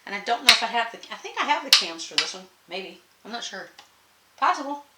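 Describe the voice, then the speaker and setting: A woman's voice: fairly high pitch, big pitch swings, fairly quick, bright, forceful tone. A woman, hosting a casual sewing vlog from her sewing room, folksy and rambling with frequent laughs. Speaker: sewing channel host. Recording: echoey room, faint noise.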